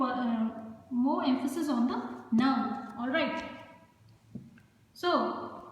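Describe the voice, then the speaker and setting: A woman's voice: sits high, a little hiss or hum. A woman teaching an English grammar lesson, patiently repeating points and often saying "okay" and "you know.". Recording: echoey room with long reverb.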